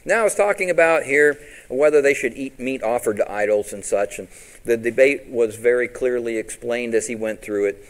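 A man's voice: moderate pace, rough recording. Man pastor preaching to his church, quizzes the congregation, voice jumps up and drops way down for emphasis. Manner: preaching to a congregation, asking questions and quoting scripture; rises and drops in pitch and loudness for emphasis. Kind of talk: sermon.

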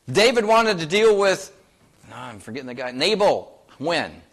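A man's voice: on the high side, big pitch swings, normal speed, a bit bright. Man preaching with rhetorical questions. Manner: emphatic, with many rhetorical questions; quotes scripture in old-fashioned wording. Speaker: pastor. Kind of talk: sermon.

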